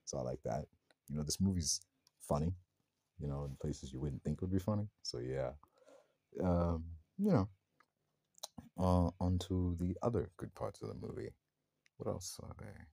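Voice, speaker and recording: A man's voice: deep voice, lively intonation, normal speed, long pauses, dark tone, dry recording. A man giving a casual, rambling spoken film review, full of slang and swearing. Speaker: movie reviewer.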